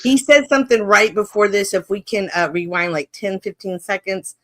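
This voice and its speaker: A woman's voice: mid-range voice, normal speed, fairly bright tone. A woman as a panelist in casual live-stream talk, emphatic.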